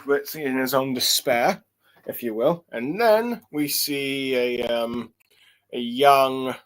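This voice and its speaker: Male manga reviewer, mid-pitched, halting and casual, lots of "um"s. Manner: hesitant, many fillers and restarts while reading along. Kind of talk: casual solo chapter review.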